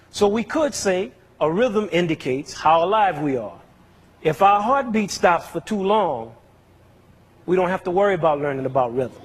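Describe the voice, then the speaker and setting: A man teaching music, his voice a little husky and pitched somewhat higher than most men's. He explains step by step in an educational talk to a young audience and often turns a point into a question for them to answer.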